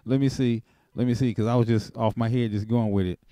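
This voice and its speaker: A man hosting a call-in show, telling a personal story in a rambling, animated way with chuckles. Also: mid-range voice, fast talker, no room sound, clean studio sound. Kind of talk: casual testimony on a call-in show.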